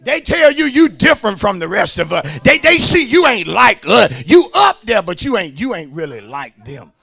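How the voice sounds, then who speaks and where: A man preaching a sermon as pastor, shouting and half-singing his lines, calling out to the congregation. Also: sits high, very animated, moderate pace, gravelly, breathy edge, a faint crowd.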